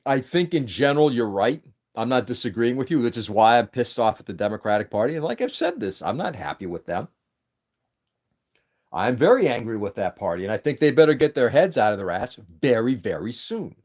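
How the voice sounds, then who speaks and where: On his casual livestream, this New England host delivers an opinionated, emphatic political rant, often restarting sentences. He speaks in a mid-range, darkish voice with big pitch swings and a moderate pace.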